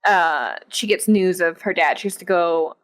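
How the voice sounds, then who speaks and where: A woman's voice: lowish voice, normal speed. A woman co-hosting a podcast, chatting casually and animatedly about a film, full of fillers and exasperation. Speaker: podcast co-host. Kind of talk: casual chat reviewing a film.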